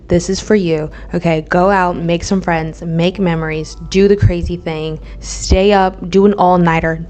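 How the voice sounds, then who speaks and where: A woman's voice: on the low side, a little mellow. A woman in her twenties from the American Midwest, hosting a casual solo podcast vlog, chatty and blunt, swearing freely and checking in with "okay?". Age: 20s. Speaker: podcast host.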